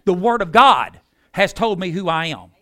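A man's voice: high-pitched, animated, normal speed, fairly bright tone. A man preaching a sermon, emphatic and folksy, stretching words out for drama.

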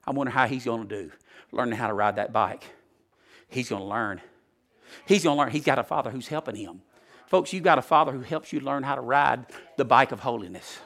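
Male preacher, folksy sermon, bright ringing tone, swings loud to hushed. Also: mid-range voice, fairly quick.

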